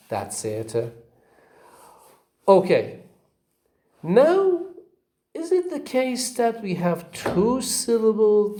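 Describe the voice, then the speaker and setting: A man's voice: high-pitched, mellow. A male teacher giving a phonetics lecture, repeating each example word for drilling and asking questions he then answers himself.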